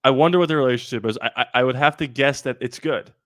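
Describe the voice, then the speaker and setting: A man hosting a live sports talk stream, animated and rambling with quick asides. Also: medium pitch, dry recording, clean studio sound. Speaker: sports channel host.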